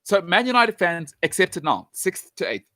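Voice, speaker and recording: A man delivers opinionated football talk in a fairly high voice, blunt and emphatic, driving each point home by repeating it. His voice is recorded close and dry, with no room sound around it. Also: sing-song, moderate pace, sharp tone, dry recording. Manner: direct address to fans. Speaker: football pundit.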